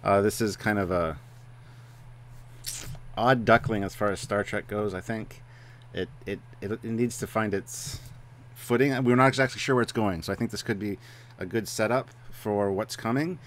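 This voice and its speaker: A man's voice: on the low side, moderate pace. A man co-hosting a casual review chat, talking hesitantly with many fillers and restarts. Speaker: co-host of a review show.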